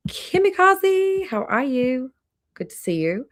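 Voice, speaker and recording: A woman hosting a casual live stream, chatty and greeting viewers by name one after another, a little hoarse, talking into a laptop microphone indoors. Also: lowish voice, unhurried. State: slightly hoarse, clearing throat. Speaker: livestream host. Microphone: laptop microphone near trackpad.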